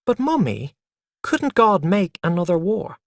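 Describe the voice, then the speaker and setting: A storyteller voicing an eager, jealous small boy who asks questions in a high, insistent voice. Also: sing-song, a little slow, dry recording, clean studio sound.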